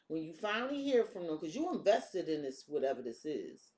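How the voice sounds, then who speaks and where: A woman's voice: deep voice, very animated, fairly quick, a little mellow. A woman doing a casual tarot reading, talking bluntly and cursing freely. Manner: blunt, profane, streetwise talk. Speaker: tarot reader. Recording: echoey room.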